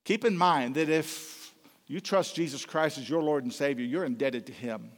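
Male preacher, high voice, impassioned sermon with loud and hushed swings, long hall reverb. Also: moderate pace.

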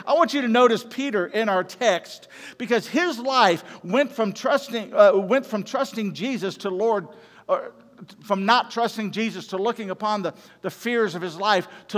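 A man preaching a sermon as a pastor, animated, acting out quotes and swinging between loud and soft. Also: high-pitched, a little slow. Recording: hall with long reverb.

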